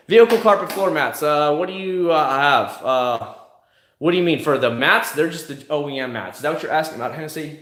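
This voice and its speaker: A man's voice: mid-range voice, a bit bright, echoey room. A middle-aged man from South Florida, hosting a casual live chat, blunt and profane, often mimicking others mid-rant. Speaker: livestream host answering chat. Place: home room, in Kissimmee.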